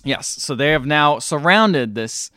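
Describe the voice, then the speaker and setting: A man's voice: a little high, lively intonation, a little slow, sharp tone, clean tone, no room sound, clean studio sound. A man hosting a podcast, rambling and correcting himself as he recaps a confusing movie. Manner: rambling, self-correcting storyteller acting out scenes. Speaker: podcast host. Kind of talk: casual chat recapping a movie.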